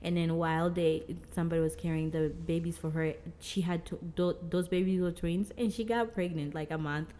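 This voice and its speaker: A woman's voice: on the low side, brisk, few pauses, a little hiss or hum. A young woman from Mozambique, a guest telling stories in a casual interview, acting out the dialogue with many fillers. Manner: animated, acts out quoted dialogue, frequent "like".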